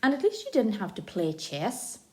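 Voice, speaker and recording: A woman narrating an audiobook in the first person, with lively, expressive storytelling. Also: medium pitch, moderate pace.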